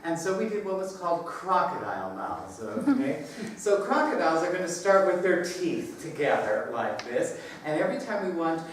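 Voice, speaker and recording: A man's voice: on the high side, big pitch swings, moderate pace. Man teaching choir in a reverberant hall. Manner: demonstrates by singing phrases, leads group echo singing; upbeat, laughs often while explaining. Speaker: choral clinician. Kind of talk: music workshop teaching. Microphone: distant room mic. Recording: echoey hall recorded from far off.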